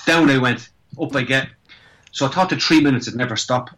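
Fast-talking Irish man telling stories. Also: medium pitch, a bit bright, slight background noise, low-quality recording. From Ireland. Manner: rambling anecdotes with repeated restarts and swearing. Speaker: guest. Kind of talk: casual storytelling chat.

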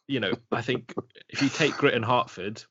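A man's voice: medium pitch, moderate pace, fairly bright tone, husky. A man co-hosting a casual football podcast, talking hesitantly with many restarts and fillers. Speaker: podcast co-host. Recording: dull lo-fi sound.

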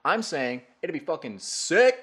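A man's voice: fairly high pitch, sing-song, measured pace, fairly bright tone, slightly rough. A man co-hosting a casual podcast from an apartment, joking around and swearing freely. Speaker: podcast co-host. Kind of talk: casual chat.

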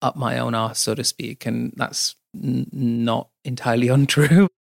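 A young, well-spoken man telling a personal love story in a measured, slightly snobby way. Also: mid-range voice, fairly even intonation, creaky, no room sound, clean studio sound. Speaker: interviewee. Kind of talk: candid storytelling.

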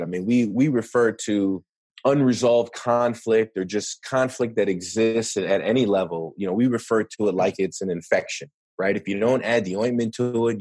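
A man's voice: lowish voice, a little mellow, breathy edge, no echo. A man speaking as a podcast guest, explaining in an earnest, conversational way and often adding "right?" to check in. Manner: earnest, explanatory, many rhetorical "right?" tags. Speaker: podcast guest, negotiation expert. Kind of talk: casual interview talk.

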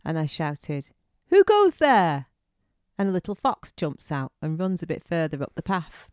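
A woman chatting casually on a podcast, telling a joke in a relaxed way and laughing easily. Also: low voice, normal speed, clear, resonant tone, dry recording, clean studio sound.

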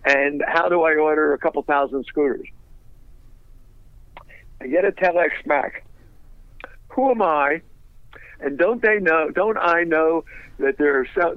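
An older man with a fairly high voice tells stories as a radio guest. He is a lively raconteur who laughs as he talks. The sound is muffled and lo-fi, with a dry, close room. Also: unhurried, long pauses, no echo. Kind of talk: anecdotal storytelling in a radio interview.

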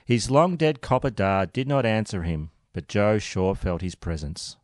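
A man hosting a podcast, narrating a true-crime story with sardonic, expressive delivery. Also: fairly low pitch, unhurried, dry recording, clean studio sound. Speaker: podcast host.

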